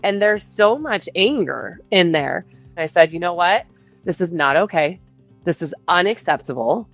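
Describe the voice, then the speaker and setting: A woman's voice: fairly low pitch, a bit bright. A middle-aged woman, a podcast guest, retelling a family ordeal with intensity and quoting the heated quarrels. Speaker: guest telling her story. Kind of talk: podcast interview storytelling.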